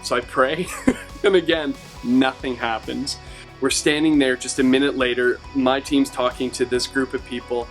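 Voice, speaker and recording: A man tells a personal faith testimony as an animated storyteller. He slips into the voices of the people he quotes. Faint music plays under his mid-pitched voice. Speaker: youth ministry team member.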